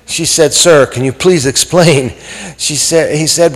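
A man preaching a sermon, telling a story with lively acted-out quotes and some fillers. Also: fairly high pitch, normal speed, in a large hall, rough recording.

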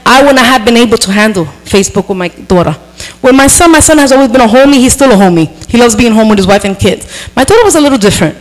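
A middle-aged woman pastor preaching a sermon, animated and emphatic, with frank asides to the congregation. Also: a little high, fast, low-quality recording.

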